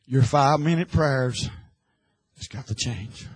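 A man preaching an impassioned sermon, swinging from hushed, quiet lines to loud, shouted ones. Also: medium pitch, a little slow, slightly rough, rough recording.

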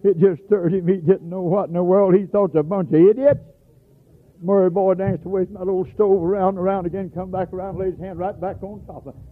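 A man preaching a sermon, telling stories in a folksy way and breaking into shouts. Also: sits high, little pitch movement, quick pace. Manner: folksy storytelling, bursts into shouts. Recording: tinny phone-like radio recording.

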